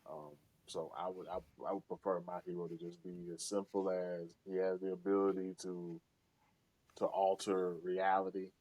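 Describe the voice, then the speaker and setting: A man co-hosting a gaming podcast, thinking out loud in a profane, casual way. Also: sits low, flat delivery, moderate pace, poor audio. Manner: thoughtful, profane, talks things through. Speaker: podcast co-host. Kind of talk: casual chat.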